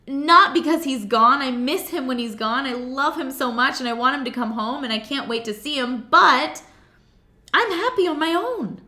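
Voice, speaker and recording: A woman coach giving a playful, animated motivational talk. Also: high voice, moderate pace, hardly any pauses. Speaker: self-love coach. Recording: roomy echo.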